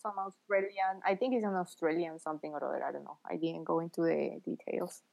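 A woman's voice: fairly low pitch, steady tone, a little fast, creaky, darkish tone. A woman co-hosting a podcast, chatty and exasperated in casual conversation. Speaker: podcast co-host. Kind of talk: casual chat.

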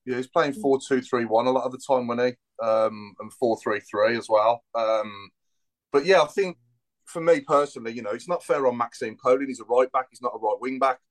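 Man, football podcast co-host, rapid delivery, rambling. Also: medium pitch. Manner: chatty, rambling, lots of fillers. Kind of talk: casual football chat.

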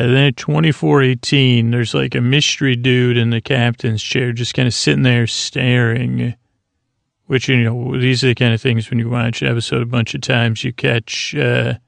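A man's voice: mid-range voice, gravelly, no echo. A man hosting a podcast, giving a meandering recap of a TV episode to help listeners fall asleep, full of fillers and restarts. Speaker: podcast host. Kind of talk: rambling TV episode recap for sleep.

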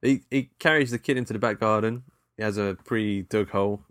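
A man's voice: lowish voice, brisk, fairly bright tone, no echo. A British man recapping a film in casual chat, rambling with laughs and fillers. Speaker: podcast co-host.

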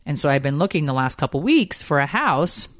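Animated, rambling woman storyteller. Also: low voice, a little fast, no echo, studio quality. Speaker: podcast co-host. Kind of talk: casual chat.

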